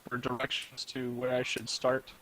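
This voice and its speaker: A man speaking as a player in a tabletop role-play, halting and hesitant. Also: mid-range voice, monotone, pushed and bright, low-quality recording.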